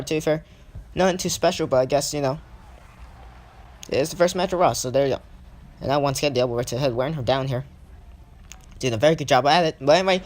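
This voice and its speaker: Casual young man calling game action. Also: a little high. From not British. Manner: hesitant, self-correcting, thinks aloud. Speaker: play-by-play commentator for his own video game series. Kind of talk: casual solo game commentary.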